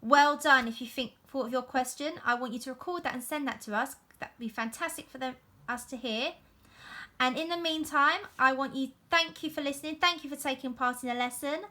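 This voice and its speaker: A woman's voice: sits high, fairly quick, sharp tone. A woman, a primary teacher, giving a recorded reading lesson to young children in an encouraging, sing-song way. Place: home.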